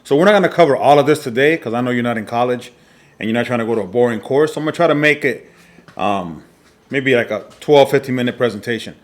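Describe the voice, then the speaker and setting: A man's voice: mid-range voice, fast talker. Emphatic man teaching from slides. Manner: repetitive, emphatic, frequent "all right" checks. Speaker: fitness coach. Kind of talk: slide presentation lesson.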